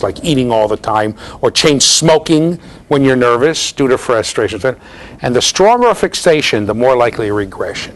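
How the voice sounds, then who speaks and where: A man giving a classroom lecture at a university, chatty and animated, asking the class questions and acting out little voices. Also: medium pitch.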